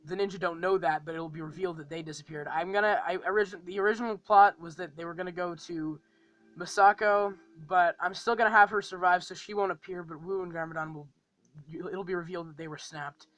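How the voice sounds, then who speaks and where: A man's voice: high-pitched, steady tone, a little fast, a bit bright, low-quality recording. Rambling man sketching a fan-series plot. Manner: rambling, frequent ums and restarts. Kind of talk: casual plot rundown.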